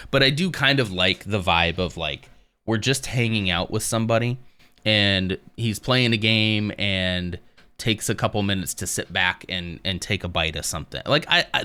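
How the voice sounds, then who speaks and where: Bright-voiced man chatting to his stream. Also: fairly low pitch. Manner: rambling, self-deprecating, laughs often. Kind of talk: casual chat with live chat.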